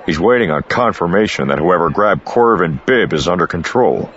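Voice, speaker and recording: A man voicing a blunt, gruff male smuggler who answers in terse, growling comebacks. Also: low voice, expressive, normal speed, a bit bright, lo-fi sound.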